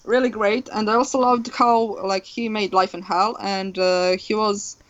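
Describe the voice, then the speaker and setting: A woman's voice: medium pitch, steady tone, unhurried. A young woman from Croatia speaking English as a second language, chatting casually as a podcast co-host, rambling with lots of fillers and laughs. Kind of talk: casual chat. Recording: dull lo-fi sound.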